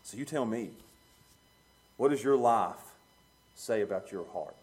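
A man preaching a sermon, plain-spoken and chuckling, swinging from quiet low musing to loud emphatic peaks. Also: animated, measured pace. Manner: plain-spoken, uses street talk and chuckles.

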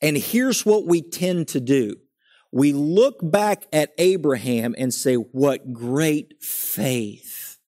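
Young guy preaching, kinda high voice, gets loud and pushy then goes soft and quiet. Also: expressive, slow. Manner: earnest, emphatic, rising for emphasis then dropping quiet. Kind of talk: sermon.

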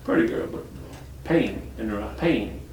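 A man's voice: lowish voice, wildly swooping pitch, normal speed, darkish tone, slight background noise. An older man from Detroit preaching a folksy, colloquial sermon full of rambling stories and chuckles. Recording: echoey hall from far off.

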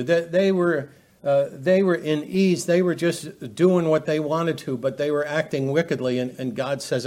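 A man preaching a verse-by-verse Bible lesson, talking in a halting way with many fillers and restarts. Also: a little high, steady tone, darkish tone. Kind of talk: expository Bible teaching.

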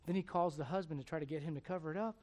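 A male preacher delivering a sermon as animated storytelling, asking the crowd rhetorical questions. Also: fairly high pitch, rapid-fire.

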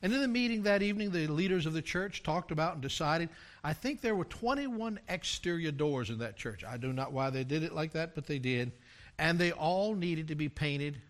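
An older man preaching a sermon, telling a story from his years as a pastor and rising to loud, emphatic climaxes. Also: fairly high pitch, animated, a little fast.

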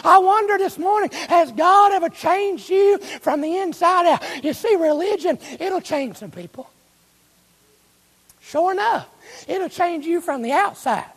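Male preacher with a high, raspy voice, emphatic, questioning the pews, long church reverb. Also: animated, a bit bright. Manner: slows and stretches key phrases. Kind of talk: sermon. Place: church sanctuary.

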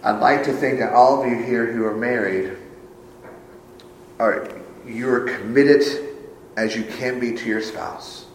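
A man's voice: steady tone, a little slow, pauses often, slight background noise. Man preaching a sermon in an echoey church. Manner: swings from hushed low phrases to raised emphatic ones. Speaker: pastor. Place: church sanctuary.

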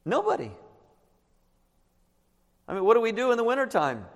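A man's voice: very high voice, huge pitch swings, moderate pace, long reverb tail. A man preaching a sermon to a congregation, walking them through a Bible passage and asking them questions. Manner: explanatory, asks the listeners questions. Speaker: pastor.

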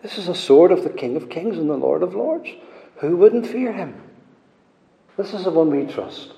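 A man's voice: a little high, animated, normal speed, creaky. Man preaching in an echoey hall. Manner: preaching cadence with wide swings between hushed and loud delivery. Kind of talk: sermon. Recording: echoey hall with long reverb.

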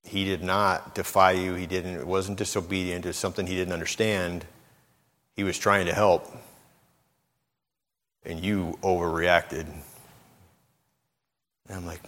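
A man's voice: low-pitched, fairly even intonation, measured pace, long pauses, fairly bright tone. A middle-aged man preaching a sermon in a conversational way, telling personal stories, repeating words and acting out what people said. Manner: conversational, repeats words, acts out quoted speech. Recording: long hall reverb.

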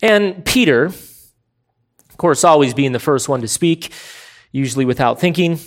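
Emphatic male preacher, deliberate delivery. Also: on the high side, animated. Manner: emphatic, deliberate, slows for stressed words. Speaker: pastor. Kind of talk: expository sermon.

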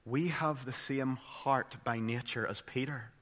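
A man with a Northern Irish accent preaching a sermon, moving from loud, dramatic emphasis to hushed, solemn tones. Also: mid-range voice, unhurried.

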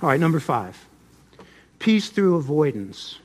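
A middle-aged pastor preaching a sermon, swinging between loud emphasis and soft asides. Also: male voice, a little high, sing-song, unhurried.

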